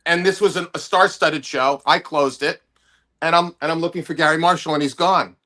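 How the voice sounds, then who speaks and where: A male comedian spins a long anecdote as a podcast guest. His voice is high and bright. He restarts his phrases often and stays animated throughout. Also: fairly quick. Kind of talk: podcast storytelling.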